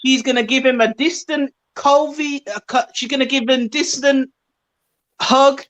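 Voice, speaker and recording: A woman's voice: sits high, steady tone, measured pace. A woman on a chat panel, emphatic and repeating her verdicts. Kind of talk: casual panel chat about a reality show.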